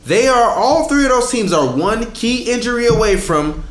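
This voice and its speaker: A man's voice: extremely high pitch, expressive, normal speed, a bit bright. Argumentative man in an echoey room. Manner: argumentative, talks over his co-host, stumbles on names. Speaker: podcast co-host. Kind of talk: casual sports debate.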